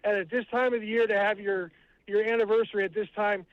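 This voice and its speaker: High-voiced male caller on a dry phone line. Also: steady tone, quick pace, no echo. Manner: friendly, joking, laughs often. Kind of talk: phone-in radio chat.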